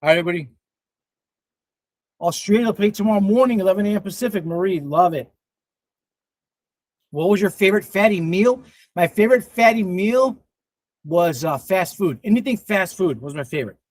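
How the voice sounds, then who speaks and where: High-voiced man in his fifties, excitable. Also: moderate pace, no room sound. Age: 50s. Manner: excitable, swears freely, laughs often. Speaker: livestream host reading chat. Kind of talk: casual livestream chat.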